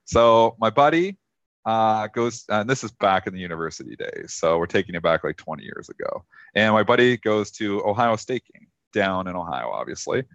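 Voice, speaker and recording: A man on a live talk show telling a long, rambling anecdote full of fillers, with lively quoted voices for the people in it. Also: lowish voice, moderate pace, vocal fry, no echo, dull audio. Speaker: co-host telling a story. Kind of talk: casual storytelling on a live trading show.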